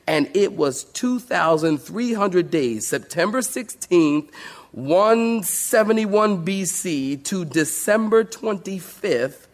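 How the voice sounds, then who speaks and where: A man's voice: high-pitched, expressive, slow. A male pastor preaching a sermon to a congregation, emphatic, calling out to the saints for responses.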